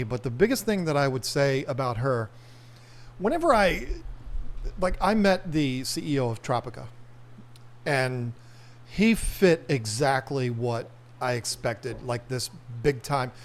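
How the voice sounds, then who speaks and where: A man's voice: mid-range voice, expressive, measured pace. A man hosting a podcast in casual chat, mostly answering with short encouraging replies. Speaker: podcast host.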